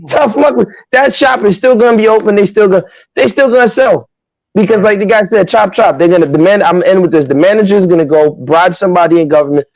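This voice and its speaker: Animated man from Nigeria, dry sound. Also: high-pitched, fairly quick, no echo, rough recording. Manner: animated, emphatic storytelling with frequent asides. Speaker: guest on a podcast livestream. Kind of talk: casual podcast chat.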